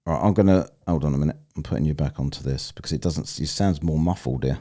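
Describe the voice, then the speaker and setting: A man's voice: very deep voice, quick pace, dark tone. A man hosting a live stream, rambling, teasing and swearing freely in casual chat.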